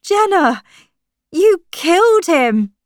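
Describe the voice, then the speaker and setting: A woman's voice: extremely high pitch, very animated, slow, dry recording, clean studio sound, voice pushed up, full character voice. A woman reading a storybook aloud, voicing an upset, torn teenage girl with a raised, strained voice. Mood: distressed.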